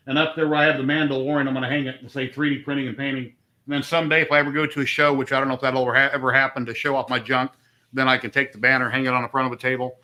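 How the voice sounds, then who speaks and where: A man's voice: mid-range voice, bright, forceful tone. A middle-aged man chatting casually and rambling on a home live stream, easygoing and talkative. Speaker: livestream host.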